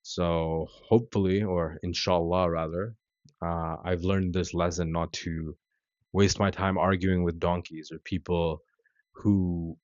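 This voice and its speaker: A man in his thirties tells a story in an easy, rambling way, with lots of "like" and "you know". His voice sits very low. The sound is dry and dull, as if from a cheap mic. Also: a little slow, no echo. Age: 30s. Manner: relaxed and conversational, full of "like" and "you know". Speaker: vlogger. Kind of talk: casual storytelling vlog.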